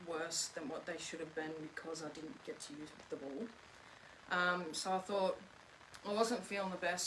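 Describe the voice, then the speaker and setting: A woman's voice: lowish voice, noisy background. A young woman, earnestly telling a personal story on a live chat and retelling the dialogue. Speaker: guest, host's daughter.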